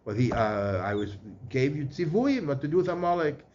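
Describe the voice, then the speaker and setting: A man's voice: on the high side, very animated, moderate pace, darkish tone. A man in giving a Torah lecture, chanting verses and weaving Hebrew terms into his talk. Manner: mixes Hebrew and Yiddish-inflected terms into English, chanting verses. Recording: slightly muffled with faint background noise.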